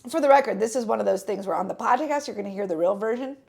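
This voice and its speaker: A woman's voice: mid-range voice, rapid-fire, gravelly, a little mellow. A young woman telling a rambling travel story on a casual podcast, with lots of fillers and restarts. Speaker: podcast co-host.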